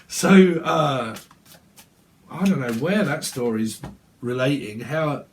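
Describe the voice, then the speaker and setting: A man's voice: mid-range voice, lively intonation, slow, a little hiss or hum. A man giving a casual tarot reading at home, blunt, rambling and profane. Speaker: tarot reader. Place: at home, windy day.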